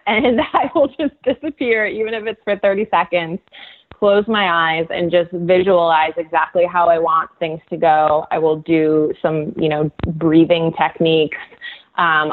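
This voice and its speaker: A woman TV host telling stories as a podcast guest, animated and laughing often, with lots of "like" fillers. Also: on the low side. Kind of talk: casual podcast interview storytelling. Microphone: remote call. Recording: tinny phone-like call audio.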